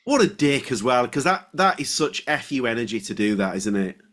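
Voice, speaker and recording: A man's voice: medium pitch, very animated, fairly quick, fairly bright tone. A middle-aged man hosting a podcast, reacting with enthusiasm and stumbling over his words in casual chat. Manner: enthusiastic, apologetic, stumbling restarts. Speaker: podcast host.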